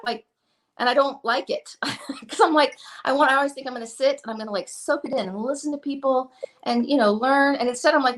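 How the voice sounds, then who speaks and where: A woman talks at a quick clip in a slightly high voice, rambling through a casual chat. She pokes fun at herself and acts out little asides along the way. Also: fairly bright tone. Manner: rambling, self-deprecating, quick with acted-out asides. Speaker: guest.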